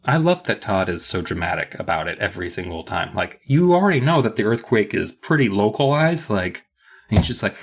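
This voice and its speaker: A man co-hosting a comedy podcast, recapping a kids' horror book in casual chat and jumping into loud character voices. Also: fairly low pitch, lively intonation, a little fast. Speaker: podcast co-host.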